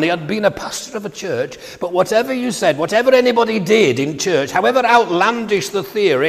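A man's voice: high-pitched, creaky, long reverb tail. An older man preaching a sermon in a church, in a conversational way with asides.

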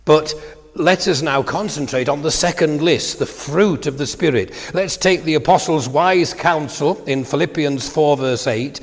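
A man's voice: a little high, a little slow, in a large hall. An older man preaching a sermon in a church, in a conversational way with asides.

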